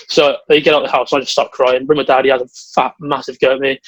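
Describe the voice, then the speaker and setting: Young english guy rambling thru a story, talks super fast, dry muffled sound. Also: medium pitch, dry recording. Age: young adult. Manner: rambling storyteller, quick and excitable. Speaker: podcast co-host. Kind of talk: casual chat.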